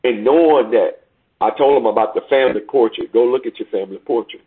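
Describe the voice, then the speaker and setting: A man's voice: mid-range voice, fast talker, breathy edge. A man preaching a sermon, reading scripture aloud in old-fashioned wording and throwing rhetorical questions at the listeners. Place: church service heard over a call. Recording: tinny phone line.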